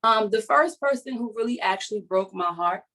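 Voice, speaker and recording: A woman who is a writer, hosting a support session and telling a personal story over a video call in an earnest, halting, confessional way. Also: fairly high pitch, animated, bright, forceful tone, rough recording.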